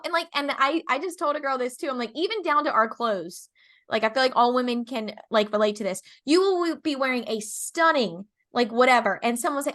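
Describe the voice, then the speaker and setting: A woman hosting a podcast in casual chat, talking fast and loose with lots of fillers and acted-out quotes. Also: high voice, a bit bright. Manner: chatty, lots of fillers, acts out quoted people. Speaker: podcast host.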